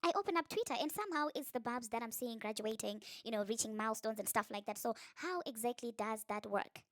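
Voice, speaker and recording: A woman's voice: fast talker, no echo, clean studio sound. A woman giving sarcastic, ranting commentary on celebrity gossip in a reaction vlog. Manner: sarcastic, ranting, mimics others in high mocking voices.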